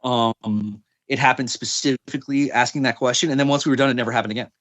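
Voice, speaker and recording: A man's voice: medium pitch, steady tone, fast, fairly bright tone, dry recording. Rambling man telling a ghost story. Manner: rambling, many fillers and restarts. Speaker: podcast guest. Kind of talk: casual storytelling.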